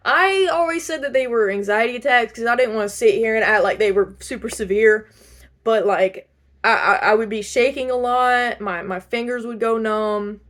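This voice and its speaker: A woman's voice: a little high, moderate pace, fairly bright tone. A young woman talking casually to camera, chatty and rambling, with many fillers and restarts, laughing now and then. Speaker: vlogger. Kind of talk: casual chat.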